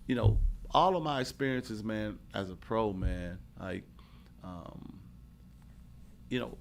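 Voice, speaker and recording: A man's voice: lowish voice, animated, takes it slowly, slight background noise. A middle-aged man, a former pro basketball player turned coach, telling stories from his life in a laid-back, conversational interview, peppering his talk with "man" and "you know what I mean.". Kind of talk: casual storytelling interview.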